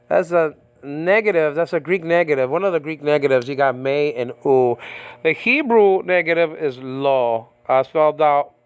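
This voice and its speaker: Halting man teaching Greek, many okays. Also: on the high side, clean tone, no echo. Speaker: Bible teacher. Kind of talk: informal verse-by-verse language lesson.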